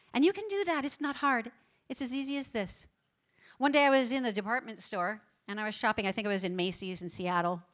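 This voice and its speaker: A woman giving an emphatic conference talk, stacking up words for effect and dropping to a soft, quiet voice when she tells a story. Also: medium pitch. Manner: emphatic, builds up lists of words. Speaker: pro-life educator giving a conference talk. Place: large conference hall on stage.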